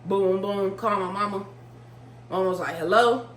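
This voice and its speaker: Animated woman telling a story, echoey room. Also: mid-range voice, normal speed, slight background noise. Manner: animated, swears freely, talks straight to viewers. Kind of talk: casual storytime.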